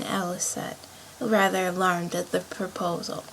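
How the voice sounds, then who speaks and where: A woman narrating a storybook aloud, dropping to a quieter, lower voice for the narration. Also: normal speed, slight background noise, low-quality recording.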